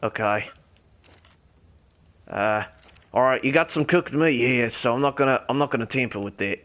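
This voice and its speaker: A young man with a put-on Australian accent, streaming a game in character, rambling, swearing a lot and calling out loudly to other players. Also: mid-range voice, normal speed.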